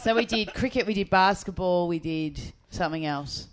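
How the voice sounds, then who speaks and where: A woman's voice: on the low side, normal speed, a crowd in the background. A woman in a casual chat, giving short replies and laughing often. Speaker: comedian and radio co-host. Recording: noisy with clicks.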